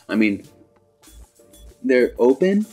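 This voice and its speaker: A man giving a comedic, profane movie rant, sarcastic and animated, jumping into sudden high squeals. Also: slow pace, soft background music. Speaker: movie reviewer.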